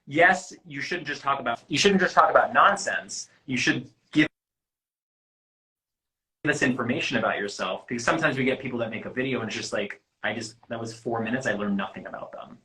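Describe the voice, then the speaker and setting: A man's voice: mid-range voice, fairly quick, sharp tone, rough recording. A man working as a casting producer, giving candid, rambling advice in a casual chat and swearing freely.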